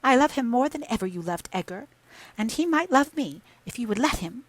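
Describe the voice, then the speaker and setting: A woman voicing a jealous, tearful young woman who sobs and pleads in high, shrill outbursts. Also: animated, fairly quick, dry recording. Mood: tearful, indignant.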